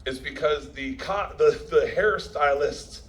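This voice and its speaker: A man's voice: on the high side, measured pace, a little hiss or hum, rough recording. A middle-aged man, a comedian, telling rowdy, profane stories to a live crowd and laughing as he goes. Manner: loud, profane, laughing as he tells it. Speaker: comedian addressing a premiere crowd. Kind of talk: rowdy live stand-up storytelling.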